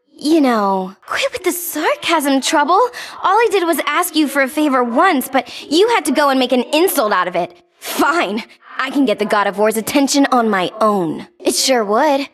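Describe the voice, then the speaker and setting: A taunting, gleeful goddess of chaos for a video game. She speaks in a high, sarcastic drawl that leaps all over the place, mocking and flippant as she calls everyone babe. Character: Eris, wild goddess of strife, taunting and gleeful. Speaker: game character.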